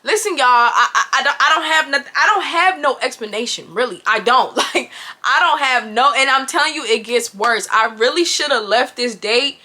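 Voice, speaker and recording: Young woman vlogger, high and bright, animated and slangy storytime delivery. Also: moderate pace. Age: 20s. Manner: animated, exclamatory, slangy, addresses viewers as y'all. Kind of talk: storytime vlog.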